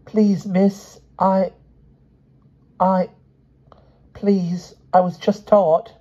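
Guy doing a squeaky nervous schoolboy, stammery, dull lo-fi sound. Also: steady tone, moderate pace, warm tone. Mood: timid. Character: young schoolboy, excited and sheepish.

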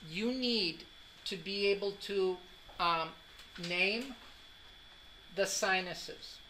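A man's voice: sits high, sharp tone, slight background noise, rough recording. A man giving a classroom anatomy lecture, joking and quizzing students as he goes. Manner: joking, drills students with questions.

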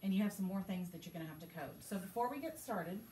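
A woman's voice: mid-range voice, lively intonation, fast talker, warm tone, slight background noise. A woman teacher, leading a reading lesson with patient, encouraging questions. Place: school classroom. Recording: echoey classroom from far off.

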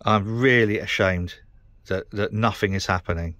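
A man's voice: on the low side, normal speed, a bit bright, dry recording. A middle-aged man with a British accent, ranting to camera in a frustrated, sweary, rambling way. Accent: British English. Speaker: vlogger. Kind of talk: casual rant to camera.

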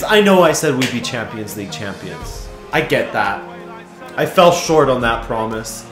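A man commentating his own football video game, muttering then yelling with excitement, his voice going hoarse. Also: medium pitch, moderate pace, roomy sound, over music. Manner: excitable, swings from mutters to shouts. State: losing his voice. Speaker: gaming YouTuber.

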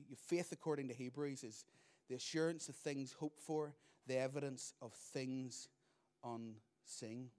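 A middle-aged man, preaching a sermon as pastor, moving between loud emphatic lines and quiet asides. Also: medium pitch, steady tone, measured pace.

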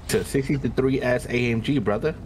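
A man's voice: mid-range voice, fairly quick, a little hiss or hum. A man chatting casually with a friend during a driving game, laid-back and plain. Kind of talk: casual gameplay chat.

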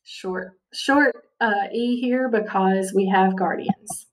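A woman's voice: mid-range voice, slow pace, far from the mic, a little hiss or hum, rough recording. A woman teaching a spelling lesson, patiently sounding out words and checking in with her students often. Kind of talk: spelling lesson over slides.

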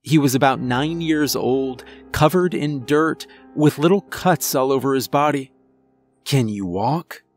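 A man narrating a first-person horror story in a measured, tense way, over faint music. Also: a little high.

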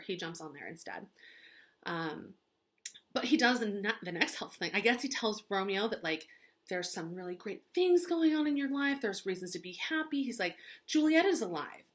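A woman's voice: medium pitch, fairly bright tone. Chatty, sarcastic woman teacher. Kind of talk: gossipy literature recap.

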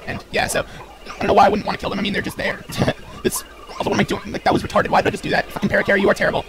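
A man's voice: sits high, completely flat delivery, rapid-fire, heavy background noise. A young man giving casual, rambling commentary while playing a video game, joking and stumbling over his words with many fillers. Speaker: let's play gamer. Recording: game music playing behind.

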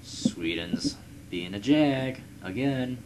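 A man's voice: mid-range voice, lively intonation, slow pace, very noisy. A young man casually commenting on his strategy game, rambling, swearing at rival nations and reading game text aloud. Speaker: let's player.

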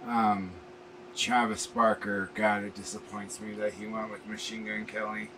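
Low-voiced man rambling into a distant mic. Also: flat delivery, unhurried. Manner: rambling, earnest, many fillers. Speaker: music reaction channel host. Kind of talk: casual talk to camera. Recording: distant mic with faint air-conditioning hum.

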